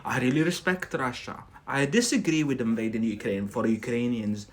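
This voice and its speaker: A man's voice: mid-range voice, normal speed. A man from Scotland, teaching English idioms on a live stream in a chatty way, often checking in with "yeah?".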